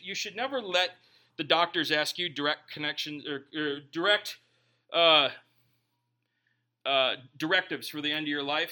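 A man's voice: a little high, pushed and bright. A young man preaching a conversational sermon, reading scripture and then telling stories with joking asides. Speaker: pastor.

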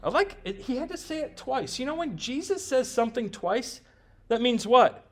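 A man with a notably high voice preaches with conviction, pressing his points home with rhetorical questions. He keeps it conversational and throws in quick jokes. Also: animated. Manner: jokes with the congregation. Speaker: pastor. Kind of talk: sermon.

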